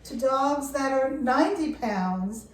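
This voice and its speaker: A woman's voice: sits high, expressive, slow, reverberant. A middle-aged woman talking to camera in an earnest, impassioned way, leaning hard on key words. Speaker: dog care vlogger. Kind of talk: casual talk to camera. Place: lake house, indoors.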